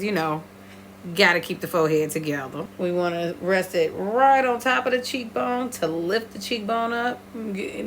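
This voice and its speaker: A woman talking viewers through her makeup in a playful, chatty tutorial, breaking into high squeals now and then. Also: a little hiss or hum. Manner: lively, playful, talks straight to viewers. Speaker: beauty vlogger.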